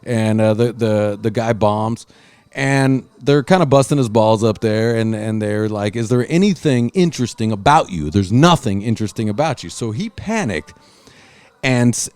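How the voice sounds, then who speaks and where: A man hosting a casual chat, telling a story with loud acted-out quotes and frequent swearing. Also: lowish voice, measured pace, clean tone, no echo. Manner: animated, swearing, acts out quotes loudly. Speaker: podcast host.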